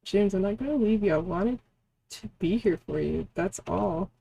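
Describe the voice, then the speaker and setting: An earnest young heroine pleading with the man she loves, read by a woman in her own voice. The tone is soft and warm, with a gravelly edge. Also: medium pitch, moderate pace, rough recording. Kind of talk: reading a game aloud.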